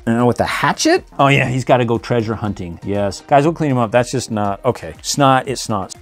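Dad host for a toy unboxing vlog, talks casually, gets excited easily, middle pitch. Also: male voice, a little fast, faint music behind. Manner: chatty, excitable, laughs often.

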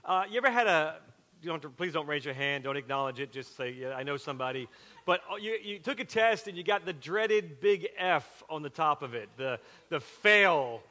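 Male pastor, middle-aged, Southern accent, high bright voice, chatty storyteller, reverberant sanctuary. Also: normal speed. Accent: Southern with a Western Pennsylvania twist. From South Carolina. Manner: chatty, animated storytelling with frequent asides. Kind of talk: sermon with personal story. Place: church sanctuary. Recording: long hall reverb from a church sanctuary.

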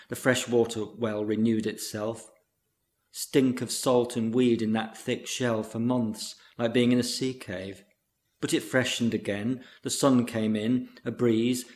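A man's voice: medium pitch, a little mellow, natural voice. A man reading an anxious, wistful woman. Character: anxious, wistful woman returning to her childhood seaside.

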